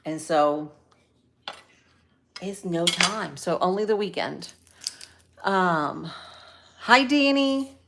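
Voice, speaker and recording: A woman's voice: on the low side, very slow, gravelly, pauses often, a bit bright, a little hiss or hum. A middle-aged woman chatting casually to viewers while cooking in her home kitchen. She rambles with lots of fillers and asides. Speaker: cooking vlogger on a live stream.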